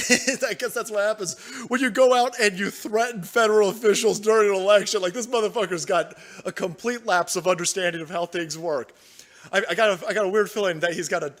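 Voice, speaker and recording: Brief: foul-mouthed, mocking male streamer reading chat, high voice. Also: fairly bright tone. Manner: profane, mocking, laughs often. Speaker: livestream host. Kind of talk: political commentary livestream.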